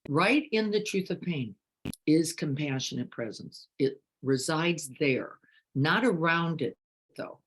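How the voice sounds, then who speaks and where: A woman meditation teacher giving a reflective dharma talk, asking many questions and moving between hushed and emphatic moments. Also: sits low, animated, slow pace, slightly rough. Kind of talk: reflective dharma talk, reading participant comments.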